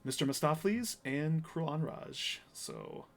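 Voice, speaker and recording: A man's voice: fairly high pitch, animated, slow pace, vocal fry, fairly bright tone. A man hosting a live fighting game tournament stream, chatty and rambling, often laughing. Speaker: tournament commentator and host. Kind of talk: live esports commentary.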